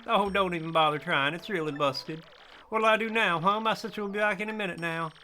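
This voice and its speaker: A man's voice: high-pitched, brisk, bright, forceful tone, soft background music. A man doing a timid, fretful shadow girl. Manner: pleading, worried.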